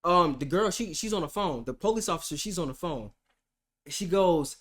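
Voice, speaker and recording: Recounting a funny day in court, this male streamer speaks briskly in a slightly high voice. His telling is animated and full of swearing, shifting from loud bursts to quiet asides.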